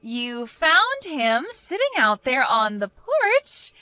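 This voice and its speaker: A woman's voice: high voice, wildly swooping pitch, slow pace, pushed and bright, clean tone, no room sound, heavily acted. A woman voicing a selfish, defensive woman neighbor who scoffs and bristles in a narrated story. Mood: indignant. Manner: indignant, scoffing.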